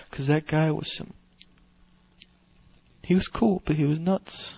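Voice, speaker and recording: A man's voice: fairly high pitch, steady tone, slow pace, creaky, long pauses, breathy edge. A young man hosting a livestream, chatting casually and telling rambling, profane stories, with dull lo-fi audio. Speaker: livestream host.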